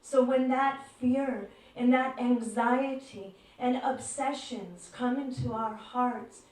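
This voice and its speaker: A woman giving a devotional talk, telling stories gently and acting out the voices in them. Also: fairly high pitch, fairly even intonation, takes it slowly. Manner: gentle storyteller who acts out quoted voices. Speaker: devotional speaker. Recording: echoey room, far from mic.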